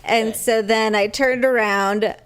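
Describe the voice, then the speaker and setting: A woman's voice: a little high, takes it slowly, clear, resonant tone. A woman co-hosting a podcast, telling a story in casual chat and acting out quotes with laughter. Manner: animated, acts out quotes loudly with laughter. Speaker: podcast co-host.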